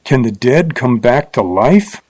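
A man's voice: mid-range voice, lively intonation, unhurried, darkish tone, slightly rough. Man playing a fierce Western gunman. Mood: shaken. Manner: fierce, derisive. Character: feared Western gunman, angry braggart.

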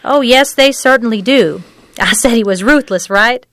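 An actress voicing an earnest, measured woman who tells of a family's troubles. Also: fairly high pitch, a bit bright, no room sound, studio quality, close to an everyday voice. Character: woman, an older local who runs a clinic.

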